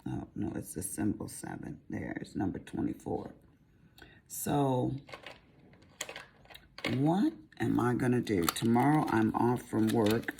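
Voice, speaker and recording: A woman's voice: a bass voice, expressive, slow, gravelly, pauses often, a little mellow, a little hiss or hum. A middle-aged woman with a Southern American accent, chatting casually in a rambling, folksy way while she works on a craft. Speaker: crafting vlogger. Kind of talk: casual chat while diamond painting.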